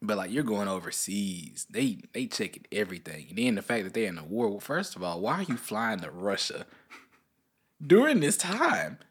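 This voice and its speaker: A young man co-hosting a podcast, chatting casually and telling a long story, often jumping into high voices to quote people. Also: normal speed, breathy edge. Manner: animated storyteller, jumps into high-pitched voices when quoting people. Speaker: podcast co-host.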